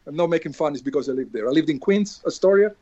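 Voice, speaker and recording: An Italian man speaks with a high, animated voice that leaps up and down in pitch. He jokes his way through a casual interview and leans on fillers. The sound is dull and lo-fi. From Italy. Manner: joking, halting with many fillers. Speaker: film director guest.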